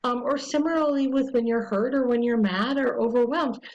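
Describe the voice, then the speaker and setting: Woman, educational webinar presenter, fairly high voice, casual with ums, gentle modeled self-talk. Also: poor audio. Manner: slow, soothing modeling of self-talk in quotes; conversational with frequent ums.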